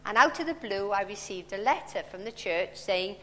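A woman's voice: mid-range voice, lively intonation, normal speed, a bit bright. Woman in her sixties preaching. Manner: conversational, storytelling with personal anecdotes. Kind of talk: sermon. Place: large church hall. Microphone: handheld or stand mic. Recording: long church reverb.

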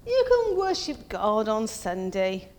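A woman's voice: huge pitch swings, takes it slowly, a little mellow. A woman preaching a conversational sermon, asking her congregation questions and acting out quoted voices. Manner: acts out quoted voices in a higher pitch. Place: church. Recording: long reverb of a church hall.

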